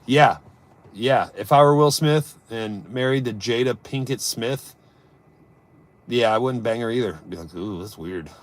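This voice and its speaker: A man hosts a laid-back live stream, cracking jokes and replying to chat, lurching from loud outbursts to mumbled asides. His pitch is medium and he talks a little slowly.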